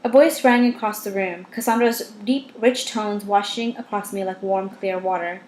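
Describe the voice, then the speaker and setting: Woman reading a novel, measured, wry asides, mid-pitched, echoey room. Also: steady tone, a little mellow, a little hiss or hum. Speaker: audiobook reader. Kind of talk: first-person novel narration. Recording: roomy echo.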